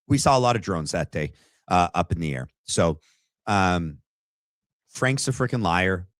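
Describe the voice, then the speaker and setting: Low-voiced blunt man hosting a livestream. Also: animated, unhurried, dry recording. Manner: blunt, mocking, calls people names. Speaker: livestream host. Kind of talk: casual reaction commentary.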